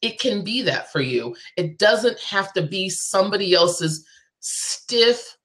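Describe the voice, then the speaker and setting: A woman's voice: mid-range voice, sing-song, slow pace, a bit bright. A woman guest on a live show, a business coach talking in an emphatic, persuasive way and repeating her key phrases.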